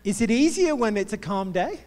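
A man's voice: sits high, expressive, fairly quick, darkish tone. A male preacher giving a sermon in a playful, jokey storytelling manner. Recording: long hall reverb.

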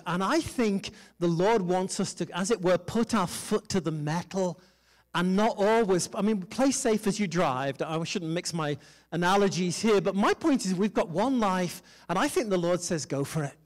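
A male pastor preaching with a fairly high, lifted voice. He calls out to the congregation, gets them to repeat lines back, and pokes fun at himself along the way. He carries the lively rhythm of a church sermon. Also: moderate pace. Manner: animated preaching with call-and-response and self-deprecating humor.

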